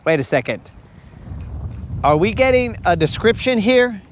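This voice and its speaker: Fishing streamer guy outdoors, high-ish voice, slow and teasing, faint noise around. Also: big pitch swings. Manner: playful, teasing, drawn-out. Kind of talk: casual live-stream chat. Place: outdoors on a lake.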